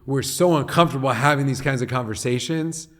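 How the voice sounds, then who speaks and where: A middle-aged man from Long Beach, California, talking as a guest on an interview podcast in an earnest, animated way. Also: mid-range voice, a little fast. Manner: earnest and animated, often acting out what people say. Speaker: guest, head of a nonprofit.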